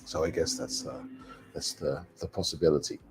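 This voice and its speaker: A man teaching English alone in a live online lesson, repeating phrases slowly for pronunciation practice. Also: rumbling low, fairly even intonation, husky.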